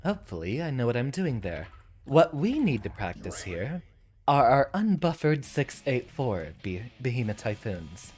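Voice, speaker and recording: A man's voice: mid-range voice, very animated, a little slow, darkish tone, faint music behind. A man streaming a fighting game, chatting and thinking aloud as he plays, now and then laughing. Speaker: VTuber streamer. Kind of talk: live gameplay commentary.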